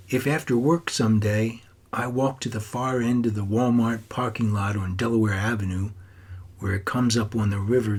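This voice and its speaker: A man's voice: mid-range voice, darkish tone, slightly rough, close to an everyday voice. A man voicing a troubled teenage boy who writes and talks to his grandfather in an earnest, wistful way.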